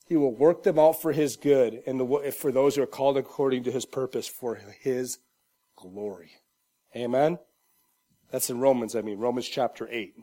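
A pastor preaching a conversational sermon in church, often checking in with "Amen?". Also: male voice, mid-range voice, fairly even intonation, normal speed. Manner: emphatic, conversational preaching with frequent 'Amen?' asides; acts out loud shouted voices for humor.

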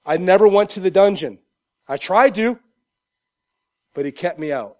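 A pastor preaching a conversational sermon in church, often checking in with "Amen?". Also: male voice, high-pitched, lively intonation, moderate pace. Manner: emphatic, conversational preaching with frequent 'Amen?' asides; acts out loud shouted voices for humor.

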